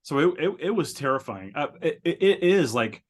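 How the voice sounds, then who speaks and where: A man with a sing-song voice at normal speed co-hosts a podcast, chatting casually, rambling and stammering as he describes things, and laughing often. A loud crowd can be heard, and the recording is of lower quality than usual.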